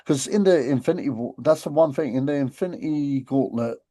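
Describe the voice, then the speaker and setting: A man co-hosting a casual podcast, relaxed, giving short replies. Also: mid-range voice, fairly quick. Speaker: podcast co-host.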